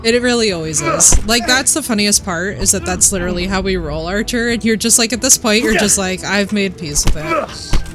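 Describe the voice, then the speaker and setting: Game music plays behind a young woman streaming, her mid-range voice brisk with few pauses. Her casual stream chat is brash and playful trash talk broken up by frequent laughs.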